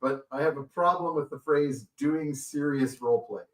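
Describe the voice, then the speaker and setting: A man acting as the judge in a comic party game, talking in wry, halting banter full of restarts. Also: a little high, roomy sound, far from the mic. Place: hotel room.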